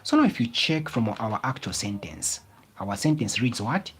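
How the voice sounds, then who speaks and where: A male tutor with a husky, somewhat breathy voice teaches grammar to a class. His pitch moves a lot as he repeats key phrases slowly and emphatically. He keeps prompting his listeners with fill-in questions. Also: sing-song. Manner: slow, emphatic explaining.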